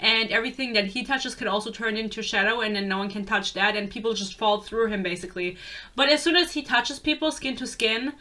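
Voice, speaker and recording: A woman's voice: on the high side, fairly quick, sharp tone. Ranting young woman. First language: German. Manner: exasperated, sarcastic, swears freely. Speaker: book reviewer. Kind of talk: casual book rant.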